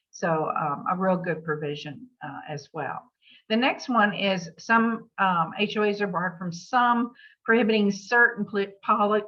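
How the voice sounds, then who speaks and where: Plainspoken woman giving a legal briefing. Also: lowish voice. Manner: plainspoken, with hesitations and emphatic asides. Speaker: legal update presenter for real estate agents. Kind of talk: briefing with answers to questions. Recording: dull lo-fi meeting recording.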